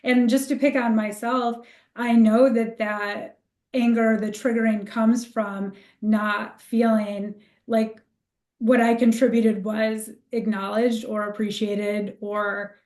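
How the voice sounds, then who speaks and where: High-voiced woman astrologer, echoey room. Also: level tone, takes it slowly, a little mellow. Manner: reflective, explanatory, laughs easily. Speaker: astrologer co-host. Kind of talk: casual podcast chat.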